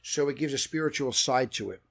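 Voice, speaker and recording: An energetic man from Brooklyn, a podcast guest telling stories in casual chat. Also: medium pitch, brisk, gravelly. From Brooklyn, New York. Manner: energetic, animated storytelling. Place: podcast studio.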